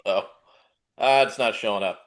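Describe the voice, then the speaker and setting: A man's voice: on the low side, moderate pace, a bit bright. A man hosting a podcast over a video call, a self-described retro bike nerd who talks with casual slang. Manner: enthusiastic bike nerd, laid-back slang. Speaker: podcast host. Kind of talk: casual interview chat.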